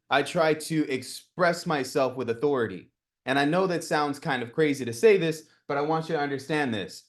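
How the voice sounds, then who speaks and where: Male coach, 30s, slightly high voice; energetic group coaching, talks with his hands. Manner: energetic, repeats "right?" and "guys", gestures with his hands while talking. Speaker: real estate wholesaling coach. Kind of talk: live group coaching talk.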